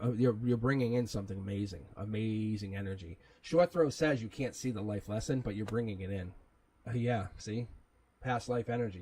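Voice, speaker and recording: A man's voice: on the low side, darkish tone, husky, rough recording. A man hosting a live tarot reading, talking in a rambling, casual way, chuckling often and swearing now and then. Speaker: tarot reader, livestream host.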